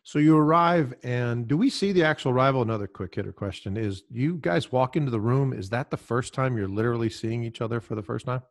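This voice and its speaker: A man's voice: mid-range voice, a little fast, hardly any pauses. Enthusiastic man hosting a podcast. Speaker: podcast host. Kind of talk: casual interview talk.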